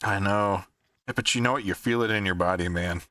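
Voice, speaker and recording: Brief: male stream host, bright lowish voice, dry close sound, laughs a lot, loose and teasing. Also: brisk, no room sound. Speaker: livestream host. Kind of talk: casual chat.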